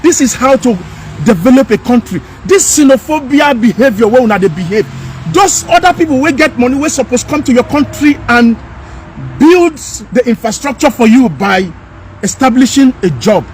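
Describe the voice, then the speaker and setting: A man with a strikingly high-pitched voice, ranting in an emphatic, scolding way and hammering the same phrases again and again. He is recorded outdoors, with a faint hum of street traffic behind him. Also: a little mellow. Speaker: commentator. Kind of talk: impassioned rant.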